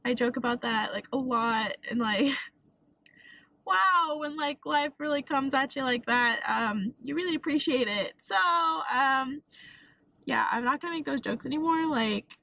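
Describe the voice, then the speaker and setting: Young Texan woman, vlogger, tearful and shaken, casual, many "like"s, slightly high voice. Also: a little slow, creaky, sharp tone, no room sound, poor audio. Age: young adult. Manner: emotional, swearing, fillers of "like". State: tearful, crying. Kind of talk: casual storytime vlog.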